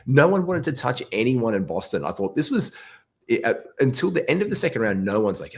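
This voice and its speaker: A man hosting a podcast, chatting casually about fantasy sports in an animated way, with quick asides and restarts. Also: mid-range voice. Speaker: podcast host.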